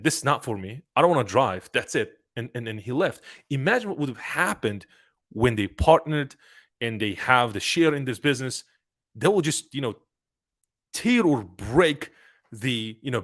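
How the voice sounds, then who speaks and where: A young man who runs a trucking business gives advice in a casual, animated way, speaking in a mid-range voice. He often repeats words and starts his sentences over.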